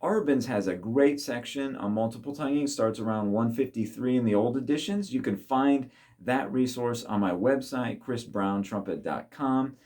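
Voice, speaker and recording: A man's voice: medium pitch, moderate pace, few pauses, darkish tone. A man teaching trumpet, patiently explaining and speaking tonguing syllables aloud for the viewer to repeat. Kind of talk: instructional talk to camera.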